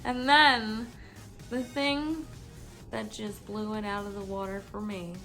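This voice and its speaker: A tipsy woman vlogger telling a story in a casual, animated way and swearing freely. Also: medium pitch, slow, faint music behind.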